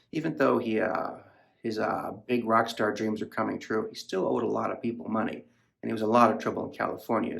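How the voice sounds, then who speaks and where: A man's voice: mid-range voice, gravelly. A man hosting a podcast, rambling casually about a novel in a profane, filler-heavy way. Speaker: podcast host reviewing a novel. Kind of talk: casual book discussion.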